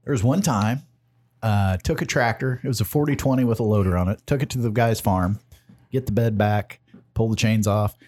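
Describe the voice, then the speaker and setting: Husky-voiced man telling work stories. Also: fairly low pitch, moderate pace, a little mellow. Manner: profane, laid-back storyteller. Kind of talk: casual storytelling.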